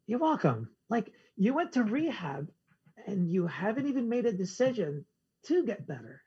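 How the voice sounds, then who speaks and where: On a lo-fi recording, a podcast guest with a high, slightly rough, dark-toned voice speaks at normal speed with big pitch swings. In this casual storytelling interview, he recounts a personal story, voicing both sides of the exchange as quoted dialogue.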